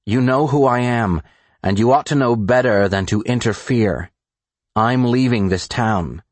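A man's voice: medium pitch, a little slow, dry recording, voice pushed up, lightly acted. A male audiobook narrator voicing a tense, cornered federal agent who speaks in a defiant, clipped way.

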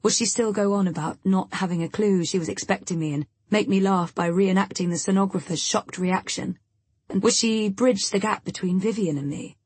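A woman's voice: mid-range voice, moderate pace, a little mellow, slightly rough, dry recording. A woman giving reflective first-person audiobook narration. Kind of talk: scripted narration.

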